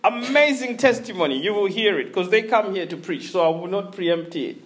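Casting: male preacher, very high voice, sermon storytelling, chuckling. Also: moderate pace. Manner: animated storytelling with frequent chuckles and restarts.

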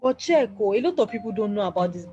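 A woman's voice: mid-range voice, lively intonation, fast, mellow. A young woman with a Nigerian accent hosting a podcast, chatting animatedly about books with laughter and trailing asides. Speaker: podcast host. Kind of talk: casual chat about books. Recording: dull lo-fi sound with faint music.

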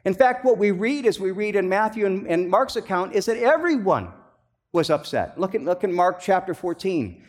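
Guy pastor preaching, slightly high voice, chatty and loose, lots of um and restarts, gets emphatic. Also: very animated, moderate pace. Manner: conversational, many restarts and fillers, rising to emphatic bursts. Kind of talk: sermon.

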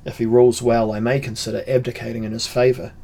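A brooding young sorcerer-emperor from a fantasy audiobook, measured and resolute, read by a man close to his own voice. His delivery is even and grave, with a middle pitch and steady weight. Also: gravelly.

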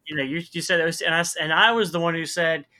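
A man co-hosting a casual wrestling chat, halting and restarting his sentences. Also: a little high, steady tone, pushed and bright. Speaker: podcast co-host.

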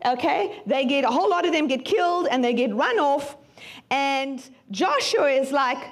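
A woman prophet and teacher preaching a sermon, reading scripture and acting out the characters in animated retellings. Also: sits high, normal speed. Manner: animated, acts out voices in dramatic retellings.

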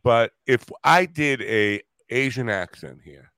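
A man's voice: medium pitch, lively intonation, slow pace, pushed and bright, dry recording. A man hosting a casual podcast chat, rambling and joking about what people can and cannot say. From Italian-American family. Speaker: podcast host.

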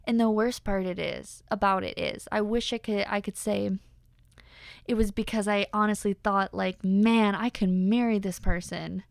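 Smooth-voiced young woman podcast host. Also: medium pitch, normal speed, no echo, clean studio sound. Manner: candid, animated, lots of fillers. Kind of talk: personal podcast monologue.

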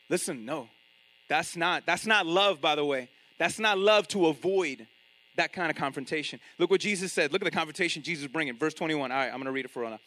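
A man preaching a sermon in an animated way, often acting out the voices of other people. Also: high-pitched, brisk, low-quality recording. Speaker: pastor.

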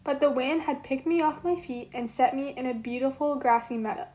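A woman's voice: high voice, a little fast, warm tone, lightly acted. A woman voicing Psyche, a young mortal woman, in an amateur read-aloud role-play, reading her lines earnestly.

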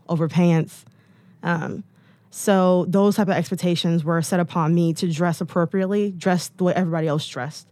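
A woman's voice: lowish voice, mellow, dry recording. Female guest, 30s, from the US, candid storyteller, chatty with frequent fillers, close dry mic. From United States. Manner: chatty, many "like"s and "um"s, acts out quotes.

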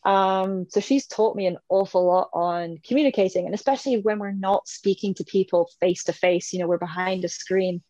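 A woman in her thirties chats easily as a podcast guest, laughing often. Her voice sits at a middle pitch. The sound is slightly dull and dry, with no room around it. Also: moderate pace, few pauses, dark tone, dry recording. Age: 30s. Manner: chatty, laughs often, acts out her dog's thoughts. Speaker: interview guest, swimmer. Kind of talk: casual interview chat.

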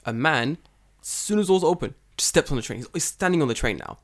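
A man's voice: fairly high pitch, big pitch swings, fast talker. A man telling crude stories in casual chat, acting out the people he quotes in raised voices. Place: lives and works in Japan.

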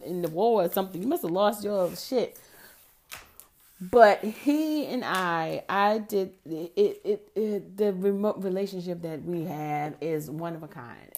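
A middle-aged woman hosting a show, telling a personal story in casual chat, frank and profane, getting animated when riled up. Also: on the low side, gravelly. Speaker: podcast host.

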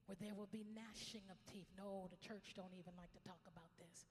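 A woman pastor preaching a sermon, swinging from loud, fervent calls to hushed, intimate asides, with call-and-response phrases. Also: mid-range voice, fairly even intonation, normal speed, hardly any pauses, slight background noise. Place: church sanctuary. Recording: reverberant hall with faint ambience.

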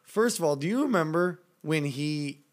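A man with a slightly raised pitch talking in a loose, profane podcast chat. He tells stories in an animated way and keeps slipping into mocking quoted voices. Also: normal speed. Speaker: podcast co-host. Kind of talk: casual chat.

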